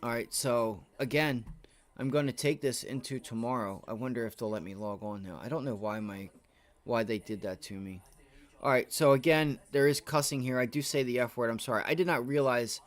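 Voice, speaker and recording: A man's voice: mid-range voice, fairly quick. A tired man hosting a trading livestream, rambling to his chat with many restarts. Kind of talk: casual live-stream talk.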